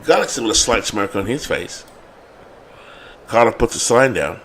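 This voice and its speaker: A man with a London accent doing play-by-play commentary on a replayed baseball game, building to excited calls on big hits. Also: fairly low pitch, normal speed, slight background noise. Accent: London English. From England.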